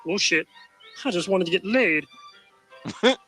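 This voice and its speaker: A man's voice: high voice, lively intonation, normal speed, sharp tone, soft background music. A man doing a sleazy swaggering lover boy. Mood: crude. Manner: swaggering, crude slang. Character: sleazy crude young man.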